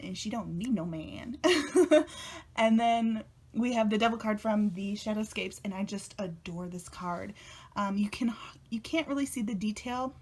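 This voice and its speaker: A young woman chatting casually to camera for her video channel, gushing and emotional, often trailing off with fillers. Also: mid-range voice. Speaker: tarot vlogger.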